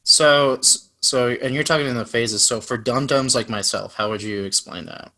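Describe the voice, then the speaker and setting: A young man co-hosting a casual podcast, loose and jokey, peppering his talk with slang. His voice is bright and forceful, at an average pitch for a man. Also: normal speed. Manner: laid-back, joking, lots of "like" and "dude". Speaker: podcast co-host. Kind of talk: casual chat.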